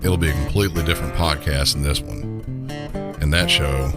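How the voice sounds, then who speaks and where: A man's voice: extremely low pitch, fairly even intonation, brisk. A man with a Southern accent, hosting a podcast and closing the episode in an easygoing, folksy way. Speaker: podcast host. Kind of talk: podcast sign-off. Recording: over loud music.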